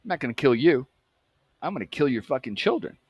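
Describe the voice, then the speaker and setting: A man's voice: mid-range voice, big pitch swings, fast talker, slightly rough, no echo, dull audio. A man voicing a bitter, threatening young man out for revenge. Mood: vengeful. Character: vengeful resentful young man lashing out.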